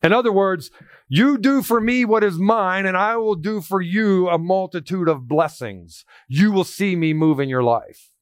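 A man preaching a sermon, emphatic and animated, quoting scripture with a raised voice. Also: sits high, unhurried, no room sound, studio quality. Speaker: pastor.

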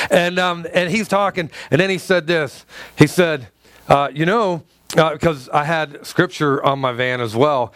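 A man preaching a sermon through a personal story, halting and stumbling over repeated words, and acting out the dialogue. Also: on the high side, fairly bright tone, clean tone, dry recording. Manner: acts out quoted dialogue in his stories.

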